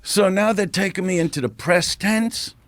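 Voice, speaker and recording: A man's voice: high voice, moderate pace, dry recording. Cocky comic guy swearing his way thru an old showbiz story, dry close mic. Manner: profane, animated, building to punchlines. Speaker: podcast guest, stand-up comedian. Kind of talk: brash anecdotal storytelling. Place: podcast studio.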